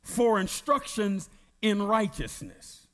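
A man's voice: sits high, big pitch swings, fairly bright tone, long reverb tail. A man preaching as pastor at a Bible study, emphatic, drawing out words and calling on the congregation to answer. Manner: emphatic, drawn-out preaching with call-and-response.

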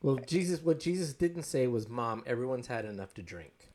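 A man with a plain, mid-pitched voice talks easily in a casual discussion. He drops dry, wry remarks and reads a passage aloud. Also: expressive, normal speed, crowd noise. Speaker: podcast co-host.

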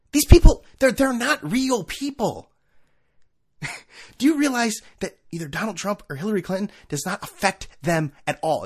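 A man hosting his own podcast at home on a desk microphone, ranting casually with profanity and sarcasm, swinging between low mutters and loud outbursts. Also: breathy edge. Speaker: podcast host. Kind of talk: casual solo podcast rant. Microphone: desk microphone with camera.

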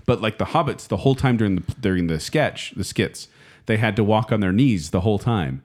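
A man's voice: lowish voice, lively intonation, fairly quick, darkish tone. A man co-hosting a casual podcast chat, earnest and openly emotional as he talks. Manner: earnest, emotional, reads passages aloud. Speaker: podcast co-host.

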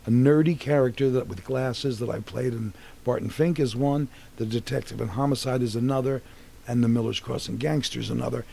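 This sixties-aged actor speaks fairly quickly in a mid-range voice with vocal fry. Appearing as a guest in a casual interview, he spins animated, rambling career stories, often restarting.

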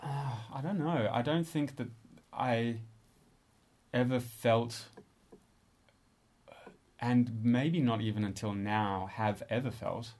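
A man in his thirties with an Australian accent, a composer and musician talking through his work in a relaxed, thoughtful interview, often pausing and restarting. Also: medium pitch. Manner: thoughtful, hesitant, with frequent restarts. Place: studio space.

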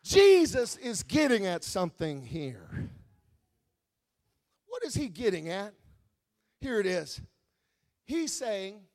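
A male pastor from Wisconsin, preaching a sermon that swings between quiet teaching and loud, shouted exhortation. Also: sits high, wildly swooping pitch, takes it slowly, long pauses.

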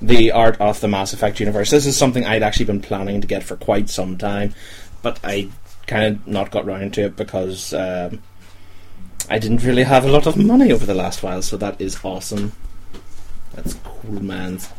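A man's voice: on the low side, normal speed, a little mellow, husky. A young man, hosting a casual chat show and joking with the listeners. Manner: chatty, joking, talks to the audience. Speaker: podcast host.

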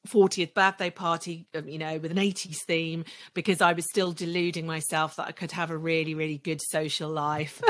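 Candid low-voiced woman in her forties. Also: level tone, moderate pace, hardly any pauses. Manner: candid, reflective, voice dropping soft when recalling hard moments. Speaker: podcast guest, legal marketer. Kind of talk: candid personal storytelling in a podcast interview.

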